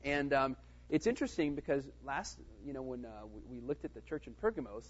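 A man teaches a casual Bible study, thinking out loud with plenty of "um"s and "right?"s aimed at his listeners. His voice is husky and a touch breathy, at a middle pitch. The sound is dull and slightly muffled. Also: big pitch swings, brisk. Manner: conversational, with many fillers and "right?" check-ins.

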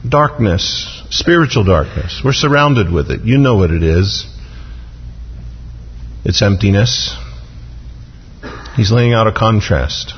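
A male pastor preaching an expository sermon in a church sanctuary, slowing down to stress scripture. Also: fairly low pitch, expressive, slightly rough. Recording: dull, reverberant hall sound.

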